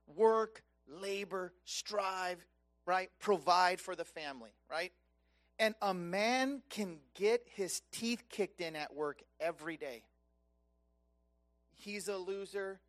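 A man preaching a sermon, impassioned and conversational, swinging between loud emphatic peaks and soft hushed lows. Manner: conversational, casual asides.

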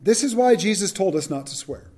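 A man's voice: high-pitched, lively intonation, fairly quick, mellow, slightly rough. A man teaching a Bible study, reading verses and adding casual, frank asides.

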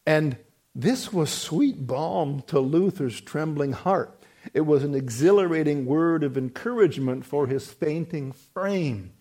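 A male preacher delivers a sermon at a slow, deliberate pace, leaning hard on single words. His voice sits a little high for a man and swings between loud bursts and quiet, drawn-out phrases. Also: expressive. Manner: emphatic, dramatic swings between loud and hushed.

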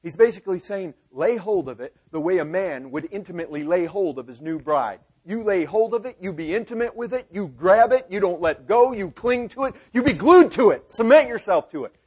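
A man preaching a sermon, emphatic and urgent, firing rhetorical questions at his listeners and swinging between hushed lines and loud bursts. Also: high-pitched, lively intonation, a little fast, hardly any pauses, breathy edge. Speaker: pastor.

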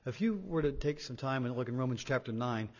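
A man preaching a sermon, emphatic, swinging between loud and quiet and repeating words for weight. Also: medium pitch, animated, fairly quick. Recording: dull sound in a reverberant hall.

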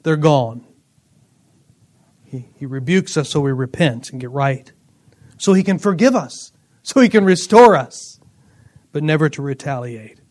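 A middle-aged pastor with a high-pitched voice preaches to his congregation. He tells personal stories in an animated way and breaks into laughter now and then. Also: unhurried, long pauses.

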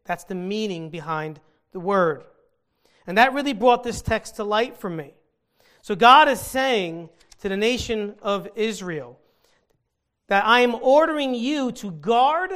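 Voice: mid-range voice, slow pace, a bit bright. A Bible teacher giving an earnest scripture teaching, stopping to explain the meaning of original-language words.

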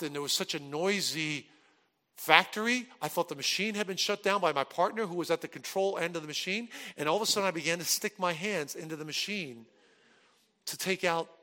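A pastor preaching a sermon and telling a personal story, swinging from loud animated peaks to hushed earnest moments. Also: male voice, fairly high pitch, brisk, big-room sound.

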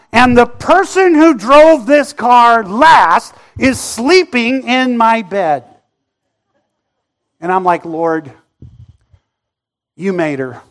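High-voiced animated preacher man. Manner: animated, swings from shouting to hushed. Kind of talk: storytelling sermon.

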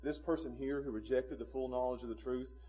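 A man, preaching a sermon in a church, moving between quiet low passages and loud emphatic peaks with chuckles. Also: fairly even intonation, brisk, faint music behind. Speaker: pastor. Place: church sanctuary.

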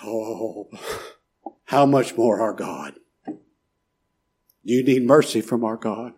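A middle-aged man preaching a sermon, pleading and emphatic, swinging from loud rises to soft drops. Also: fairly low pitch, slow pace, slightly rough. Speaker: pastor.

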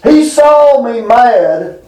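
A middle-aged man giving a casual Bible lesson, rambling through folksy stories and reading scripture slowly. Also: very high-pitched, animated, dark tone, low-quality recording. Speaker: Bible teacher.

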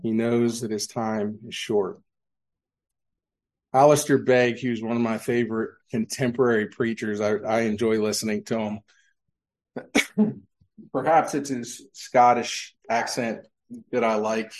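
A man's voice: mid-range voice, steady tone, unhurried, pauses often, a little mellow. A male pastor preaching a sermon, asking the congregation questions and answering them. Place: church sanctuary.

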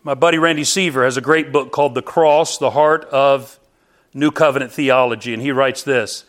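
A man's voice: medium pitch, fairly even intonation, normal speed, fairly bright tone. A middle-aged man preaching a sermon as pastor, emphatic and firing rhetorical questions at his congregation.

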